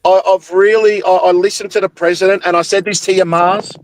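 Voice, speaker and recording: A man's voice: sits high, level tone, brisk, no echo, low-quality recording. A young Australian man with a football podcast, in a heated, sweary rant about his club after a loss. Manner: angry, sweary, ranting. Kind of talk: heated post-game rant.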